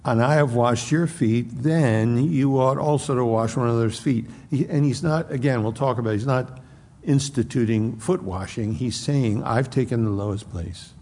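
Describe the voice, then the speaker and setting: Gravelly-voiced preacher in a reverberant church. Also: male voice, medium pitch, normal speed, mellow. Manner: conversational, acts out quoted speech. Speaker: pastor. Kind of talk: expository sermon.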